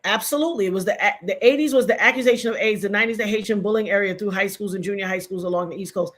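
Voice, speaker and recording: A woman's voice: mid-range voice, very fast. A middle-aged woman giving impassioned, emphatic live-stream commentary to her chat, repeating points for stress.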